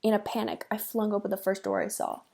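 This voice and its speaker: A woman reads a children's book aloud, expressive, with dramatic pauses. Her voice is gravelly and husky, at a middle pitch. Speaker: reader.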